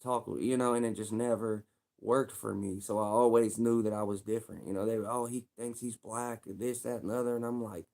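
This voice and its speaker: A man's voice: lowish voice, level tone, brisk, gravelly, darkish tone. Casting note: young Louisville, Kentucky man, casual livestream rambler, streetwise slang, repetitive.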